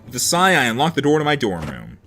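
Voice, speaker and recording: A man's voice: mid-range voice, huge pitch swings, fast talker, music in the background. A man reading a visual novel aloud as host, dropping sarcastic asides between the lines of narration. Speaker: let's play host.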